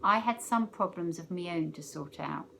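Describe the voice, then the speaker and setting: A woman teacher reading a novel aloud, expressive, letting her loudness rise and fall with the story. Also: fairly low pitch, moderate pace, vocal fry, slight background noise.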